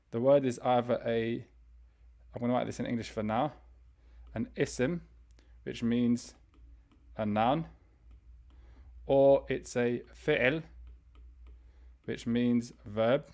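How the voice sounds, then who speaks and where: A man's voice: medium pitch, a little mellow. Man teaching a vocabulary lesson. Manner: explains step by step, reads words slowly for repetition; frequent fillers and restarts, conversational. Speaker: Arabic teacher. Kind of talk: online grammar and vocabulary lesson.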